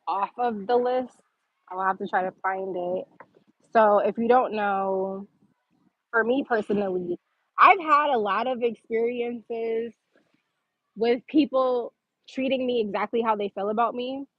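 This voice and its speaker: A woman's voice: medium pitch, no echo, lo-fi sound. A woman hosting a livestream, telling a personal story in a casual, chatty way with lots of "like" fillers. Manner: chatty, filler-heavy with frequent "like". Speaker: livestream host.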